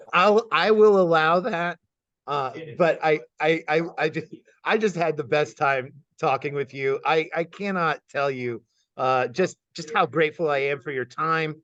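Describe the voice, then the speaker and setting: A man from Kansas City hosting an interview, firing off quick either-or questions, upbeat and laughing often, sometimes stammering over his words. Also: a little high, fairly bright tone, dry recording. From Kansas City, United States. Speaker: host and geometry teacher. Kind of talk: lightning-round interview questions. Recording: dull, slightly muffled sound.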